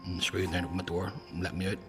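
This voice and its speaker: A man, a former prisoner, recalling events bluntly in halting speech that goes soft at emotional moments. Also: deep voice, little pitch movement. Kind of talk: recollection in interview. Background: clear music.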